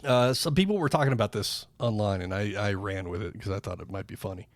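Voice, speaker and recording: A man's voice: lowish voice, fast talker, no room sound. Rambling, foul-mouthed podcast storyteller man. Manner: rambling storyteller, swears freely. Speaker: podcast co-host. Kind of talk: casual chat.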